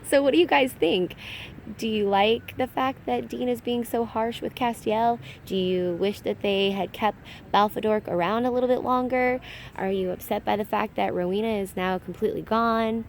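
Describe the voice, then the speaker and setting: A young adult woman hosting a casual fan recap, talking in a chatty, animated way and laughing at her own slips. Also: a little high, moderate pace, slight background noise.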